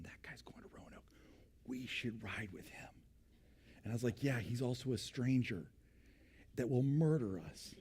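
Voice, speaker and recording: Animated man telling a story, mellow voice. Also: on the high side. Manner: animated storyteller, acting out voices, drops to a hushed tone for suspense. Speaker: pastor. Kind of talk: storytelling sermon.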